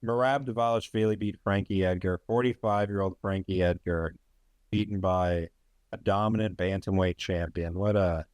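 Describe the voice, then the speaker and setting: A man's voice: sits low, steady tone, normal speed, a little mellow, no room sound. Wry, rambling man on a dry mic. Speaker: podcast host. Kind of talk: casual sports chat.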